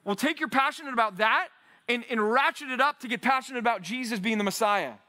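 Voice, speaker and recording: High, bright-voiced preaching man. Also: fast talker. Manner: energetic, rising to near shouts when urging; acts out biblical quotes in an animated voice. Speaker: pastor teaching a men's Bible study. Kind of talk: sermon.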